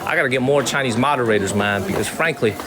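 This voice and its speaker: A man's voice: medium pitch, fast, a crowd in the background. A man from Chicago with a Chicago accent, hosting a casual livestream outdoors, talking emphatically, repeating himself and thanking viewers by name. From Chicago, USA. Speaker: livestream host. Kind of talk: casual live-stream talk to chat. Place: outdoors in a Chinese water town.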